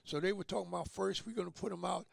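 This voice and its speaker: A man's voice: high-pitched, fairly even intonation, quick pace, vocal fry, dry recording. An older man telling stories as an interview guest, acting out the voices of the people he quotes. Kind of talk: storytelling in conversation.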